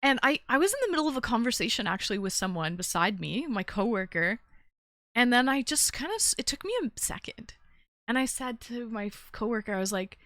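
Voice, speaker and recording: A woman's voice: on the high side, lively intonation, a little fast, a bit bright, no echo, clean studio sound. A woman hosting a casual call-in live stream, rambling through a story and greeting chat as she goes. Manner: chatty, rambling, reads chat aloud.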